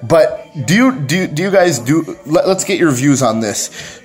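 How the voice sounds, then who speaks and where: Speaking a little high and a little slowly, yet expressively, a Toronto-accented dad rambles to his vlog camera. His casual chat is full of jokes and self-directed laughter.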